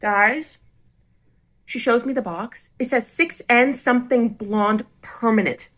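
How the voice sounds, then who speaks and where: Bright-voiced woman telling a storytime. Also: a little high, slow. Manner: animated retelling, quoting herself and staff. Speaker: influencer telling her story. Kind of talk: storytime video clip.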